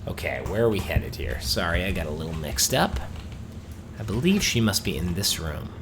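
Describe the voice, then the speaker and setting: A man's voice: sits low, sing-song, normal speed, noisy background. A man hosting a let's play, chatting enthusiastically and reading quest dialogue aloud in a storytelling tone. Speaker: gaming host.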